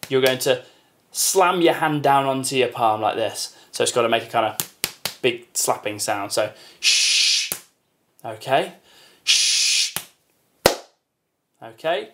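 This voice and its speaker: A man's voice: mid-range voice, a bit bright, a little hiss or hum. A man teaching a children's music lesson, patiently counting beats aloud and demonstrating each sound.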